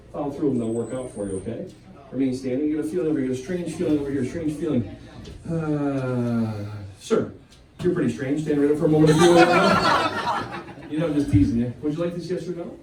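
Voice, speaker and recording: A man working a party crowd as a stage mentalist, teasing people and laughing often. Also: fairly high pitch. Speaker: mentalist entertainer. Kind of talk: stage act with audience. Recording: roomy hall, far from mic, audience noise.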